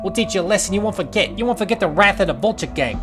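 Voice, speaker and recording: A man doing a loud, cocky vulture bully. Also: sits high, expressive, rapid-fire, music in the background, voice pushed up. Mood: taunting. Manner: taunting, loud.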